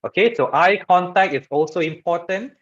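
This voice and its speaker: A man's voice: sits high, moderate pace. A man giving an informal online lesson on public speaking, talking conversationally and checking in with the audience often. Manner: conversational, frequent "okay" and "all right" check-ins; demonstrates voice patterns by shifting loud and soft. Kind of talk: informal lecture. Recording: dull lo-fi webinar audio.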